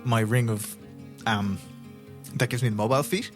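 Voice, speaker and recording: A man playing a tabletop game who talks excitedly, laughs often and swears freely. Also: medium pitch, normal speed, soft background music. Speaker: player.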